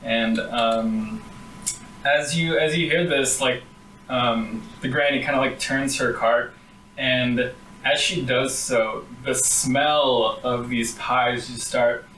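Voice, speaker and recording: A man running a tabletop game, describing the scene casually and haltingly with plenty of ums. He is recorded well away from the mic in an echoey room. A faint hiss runs underneath. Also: mid-range voice, steady tone, pushed and bright. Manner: casual, hesitant, many ums. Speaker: game master. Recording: roomy, far from the mic.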